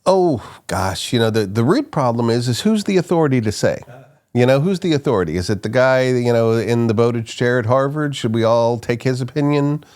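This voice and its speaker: A middle-aged man, an archaeologist guest, telling stories in a casual interview, animated and quick to laugh. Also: mid-range voice. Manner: animated, laughs often, restarts sentences.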